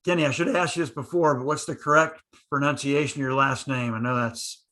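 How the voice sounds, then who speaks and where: A man's voice: medium pitch, steady tone, fast, bright, forceful tone. A man hosting a podcast interview who stutters, breaking off the first sound of words. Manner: stutters, with broken-off word starts. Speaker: podcast host.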